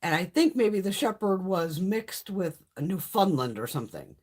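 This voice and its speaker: Stuffy, animated woman chatting live. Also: lowish voice, normal speed. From Connecticut, USA. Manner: blunt, swears freely, lively storytelling. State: stuffy nose. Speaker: livestream host. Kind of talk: casual chat.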